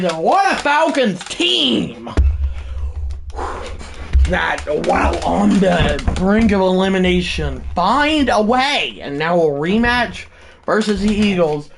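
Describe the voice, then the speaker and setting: A man giving excited play-by-play commentary over a football video game, calling it like a sportscaster and shouting on the big plays. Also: sits high, a little hiss or hum. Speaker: gaming channel host.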